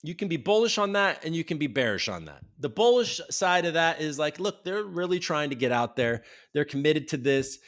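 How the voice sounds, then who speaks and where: A man's voice: a little high, very animated, moderate pace, few pauses, fairly bright tone. Casual chatty male livestream host. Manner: chatty, reads viewer comments aloud, swears casually.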